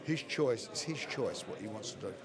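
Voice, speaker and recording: Older promoter over crowd noise. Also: male voice, on the low side, lively intonation, moderate pace. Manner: plainspoken, repeats phrases for emphasis. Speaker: boxing promoter. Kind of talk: post-fight interview. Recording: crowd chatter behind the voice.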